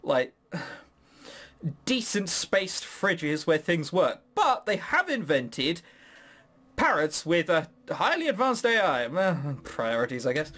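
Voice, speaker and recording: A man's voice: on the high side, big pitch swings, takes it slowly, fairly bright tone. A man playing a visual novel and commenting with laughing, swearing disbelief. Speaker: game commentator. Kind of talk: let's play commentary.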